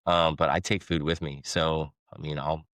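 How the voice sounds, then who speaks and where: A man's voice: very deep voice, flat delivery, moderate pace, a bit bright, no echo. A man talking as a podcast guest in a casual, rambling way, restarting sentences and laughing between thoughts. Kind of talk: casual conversation.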